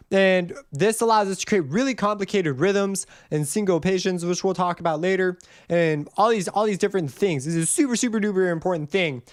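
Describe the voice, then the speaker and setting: Guy explaining music stuff, kinda high voice, dry close sound, keeps fixing what he just said. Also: smooth, dry recording. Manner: rambling, self-correcting, hums and counts notes aloud. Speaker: music theory teacher. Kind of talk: casual screen-recorded tutorial.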